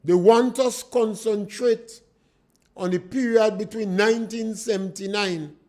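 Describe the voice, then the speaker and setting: A man's voice: sits high, fairly even intonation, unhurried, mellow. A man with a Grenadian accent hosting a call-in political talk radio show in a studio, speaking emphatically and asking rhetorical questions.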